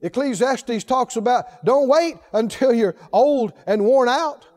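A man preaching a sermon, emphatic and full of rhetorical questions to the congregation, swinging from soft low asides to loud exhortation. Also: animated, measured pace.

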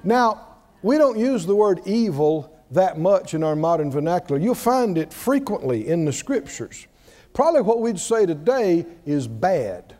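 A man's voice: high voice, big pitch swings, unhurried, dark tone, long reverb tail. A man preaching a sermon, drawing call-and-response from the congregation with emphatic, repeated lines.

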